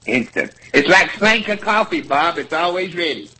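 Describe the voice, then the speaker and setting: Man, high bright voice, gravelly, folksy joking banter. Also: animated, normal speed.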